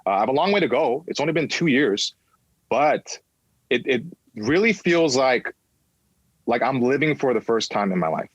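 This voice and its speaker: A man's voice: medium pitch, expressive, normal speed, husky, no room sound, highs cut off. A man in his thirties tells a candid personal story on a podcast, swearing freely and slipping into little acted-out voices. His voice sits in a middle range and the sound is close and dry, with no room around it. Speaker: podcast guest, comedian.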